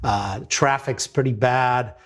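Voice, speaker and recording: A middle-aged man telling a business success story as a lively, anecdotal monologue, acting out the quotes. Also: mid-range voice, slow pace.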